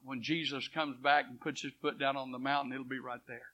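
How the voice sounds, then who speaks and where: A man preaching a sermon. He tells a story and swings from hushed quotes to loud swells. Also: mid-range voice, level tone, a little fast. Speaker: pastor. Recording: dull lo-fi church recording.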